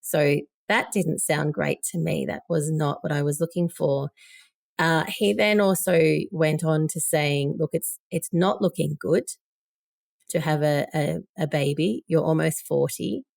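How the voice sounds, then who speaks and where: A woman's voice: deep voice, measured pace, vocal fry, a little mellow, no echo, clean studio sound. A woman in her forties, a podcast guest, telling a personal story candidly and with emotion. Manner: emotional, candid, quoting others.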